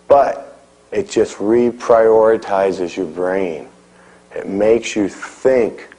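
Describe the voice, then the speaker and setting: A middle-aged martial arts teacher gives live instruction, calling drills and coaching the class with repeated "okay?" check-ins. His voice sits on the low side with a warm tone, and the recording is rough.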